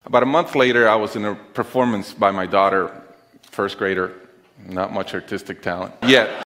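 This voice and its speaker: A middle-aged man telling a personal story on stage, with an earnest, deliberate, heartfelt delivery and pauses. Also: fairly low pitch, steady tone, fairly bright tone. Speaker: conference speaker. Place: stage in a large auditorium. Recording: long reverb of a large auditorium.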